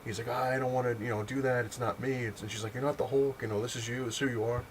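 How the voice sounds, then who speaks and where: A man's voice: mid-range voice, fairly even intonation, rapid-fire, slight background noise, low-quality recording. A man casually rambling through a comic book review at home, with lots of fillers and retold dialogue. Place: home, on a couch.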